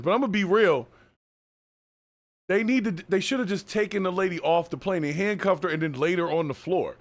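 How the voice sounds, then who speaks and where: A man hosting a reaction video, talking through the clip in a casual, sarcastic and scolding way. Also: sits high. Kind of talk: casual commentary.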